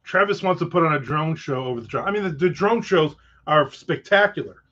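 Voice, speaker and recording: A man's voice: on the high side, brisk, fairly bright tone. A man hosting a casual livestream chat, rambling with profane jokes and asides. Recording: dull lo-fi sound.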